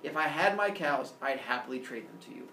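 A man's voice: medium pitch, animated, brisk, creaky, pushed and bright, a little hiss or hum, voice pushed down. A man voicing a vain, girl-chasing grown male sun god who blusters and boasts, recorded in a roomy space from a distant mic. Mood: smug. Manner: blustering, indignant, easily impressed.

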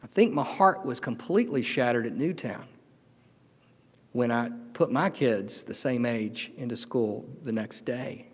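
Earnest middle-aged pastor preaching. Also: male voice, mid-range voice, measured pace. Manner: earnest, emotional, swings from loud to hushed. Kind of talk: sermon. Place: church sanctuary. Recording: long hall reverb.

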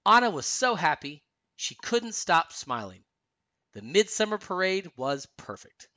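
A sing-song, expressive storyteller dad. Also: male voice, high-pitched, a little slow, no echo. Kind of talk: storybook read-aloud narration.

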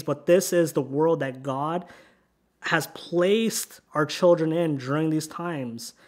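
In a church sanctuary, a pastor preaches a sermon, reading scripture aloud in an earnest preaching manner. The speaker is a man with a fairly high-pitched voice.

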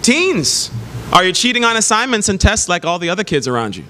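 A man preaching a sermon, telling lively stories with laughs and exclamations. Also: sits high, brisk. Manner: animated storytelling with laughs and exclamations. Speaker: pastor. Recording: long hall reverb, faint noise.

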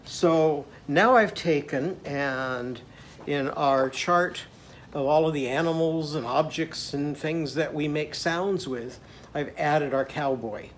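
A man's voice: on the high side, takes it slowly, slight background noise. A man teaching a children's phonics lesson in a playful, sing-song way, leading the listeners in call-and-response chants. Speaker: literacy teacher.

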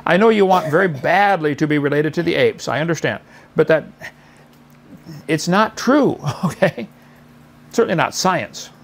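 A middle-aged man lectures his debate opponent in a mocking tone, circling back to the same points. His voice sits fairly high with a gravelly edge. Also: animated, normal speed, pauses often, a little hiss or hum.

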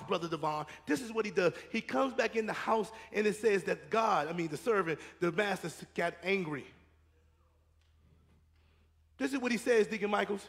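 Preacher guy, high gravelly voice, church reverb. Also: fairly bright tone. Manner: preaching with rising and falling intensity, repeating phrases. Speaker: pastor. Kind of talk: sermon. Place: church sanctuary.

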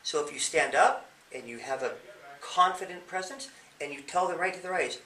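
A bright, lively male police officer explains things to a young listener, asking questions as he goes. His voice sits a little high and swings widely. He is recorded from a distance in an echoey room. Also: normal speed, long pauses, slight background noise. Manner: animated, explaining with questions and acted-out examples. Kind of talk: interview giving advice to young people.

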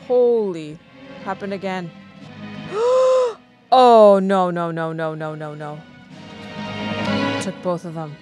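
A woman's voice: fairly low pitch, steady tone, measured pace, long pauses, over music. A woman hosting a first-time movie reaction, gasping, exclaiming and talking back at the screen.

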